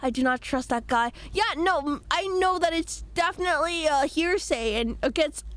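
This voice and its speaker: A woman streamer chatting playfully with her audience while playing a game, her voice slightly hoarse from a cold. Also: high-pitched, expressive, moderate pace, fairly bright tone. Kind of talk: casual game-stream chat.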